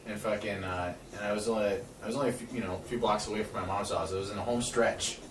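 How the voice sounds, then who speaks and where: A man, telling a long, profane story in casual chat and acting out the quotes loudly. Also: fairly low pitch, fairly even intonation, fast talker. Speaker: podcast host. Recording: echoey room, voice far from mic, faint background noise.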